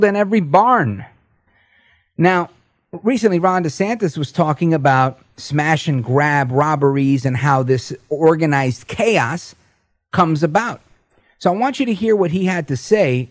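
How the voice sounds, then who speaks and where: A man guest-hosting a talk radio show in a studio, energetic and punchy. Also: sits high, no room sound. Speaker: radio host.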